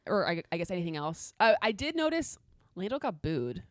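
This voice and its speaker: Woman cohosting a podcast, lowish voice, super dry mic, rambly casual chat. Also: big pitch swings, brisk, dry recording. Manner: chatty, trailing off and restarting, laughs often. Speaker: podcast co-host.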